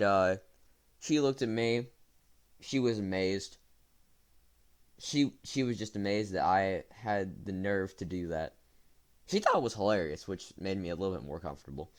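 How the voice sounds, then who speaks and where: A young man casually telling a rambling story to his viewers, full of fillers and restarts. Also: low voice. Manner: rambling, with fillers and self-corrections. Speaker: storytime vlogger.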